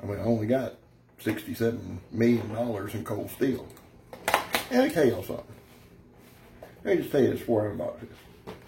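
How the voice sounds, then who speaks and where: A man's voice: fairly low pitch, animated, fairly quick, creaky, pauses often, background noise. A man giving a rambling, folksy, brash product review, talking straight to his viewers. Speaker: knife reviewer.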